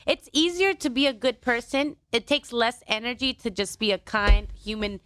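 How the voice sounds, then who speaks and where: A woman's voice: on the high side, animated, moderate pace, a loud crowd. A woman in casual podcast conversation, speaking candidly and chattily and swearing now and then. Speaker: podcast guest.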